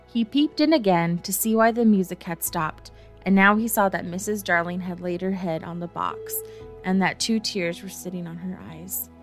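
A woman narrating a classic children's story gently, with a wry touch. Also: on the low side, normal speed, faint music behind. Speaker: audiobook narrator.

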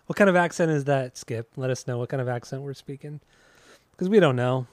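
A man's voice: medium pitch, a little fast. A man co-hosting a podcast in casual chat, rambling and swearing easily as he talks about music. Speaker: podcast co-host.

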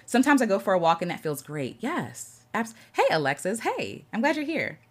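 A woman's voice: medium pitch, sing-song, moderate pace. A woman hosting an impromptu livestream from her home, chatting casually, reading viewer comments aloud and greeting people as they join. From United States. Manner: earnest, reads out viewer comments and greets them warmly. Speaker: livestream host.

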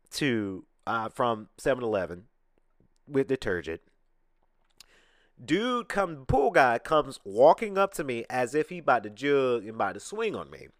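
Man from atlanta, podcast host, casual storytelling, lively swinging pitch, dry close studio sound. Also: slow pace, pauses often, no room sound. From Atlanta, USA. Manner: animated, acts out quoted people. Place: recording studio. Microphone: studio podcast mic.

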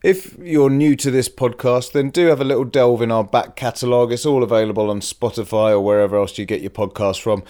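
A man hosting a podcast, chatting casually and relaxed, laughing easily and swearing now and then. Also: mid-range voice, brisk, few pauses. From Britain. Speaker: podcast host.

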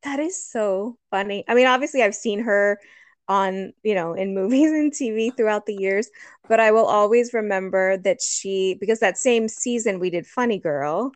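A middle-aged woman talks in a relaxed, chatty way and laughs often. She searches for words with small fillers. The recording is close and dry, with no room sound. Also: mid-range voice, normal speed, no room sound. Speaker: guest. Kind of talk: casual chat.

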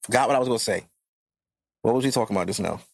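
A man's voice: lowish voice, racing, gravelly, a little mellow, no echo, studio quality. A man in his thirties hosting a podcast, talking bluntly and profanely in casual chat. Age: 30s. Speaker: podcast host.

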